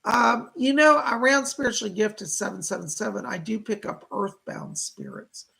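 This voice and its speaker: Very gravelly, raspy male psychic host. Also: sits high, normal speed, pushed and bright, low-quality recording. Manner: reads viewer messages aloud and relays spirit messages. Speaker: psychic reader, show host. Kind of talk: live-stream psychic readings.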